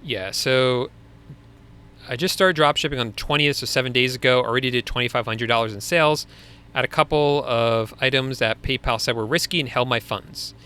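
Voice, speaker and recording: This livestream host is a young Long Island man with a medium-pitched, bright, forceful and clean voice at a moderate pace. Chatting casually with viewers during his Q&A, he laughs readily and frequently restarts his sentences.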